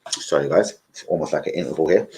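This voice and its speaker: A middle-aged man hosting a rambling live stream as a football fan, chatting casually, swearing now and then and giving shout-outs to viewers. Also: mid-range voice, normal speed, low-quality recording.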